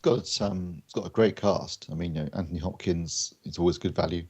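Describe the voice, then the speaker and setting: A man's voice: low voice, a little fast, a little mellow, slightly rough. A man chatting enthusiastically on a podcast, rambling through his thoughts. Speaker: podcast co-host, reviewer. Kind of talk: casual chat.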